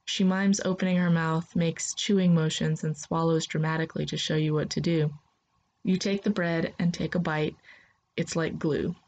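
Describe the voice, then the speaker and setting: A woman narrates a science-fiction tale addressed to the listener as "you". Her voice sits lowish and her delivery is calm and steady. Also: normal speed, muffled recording. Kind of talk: second-person story narration.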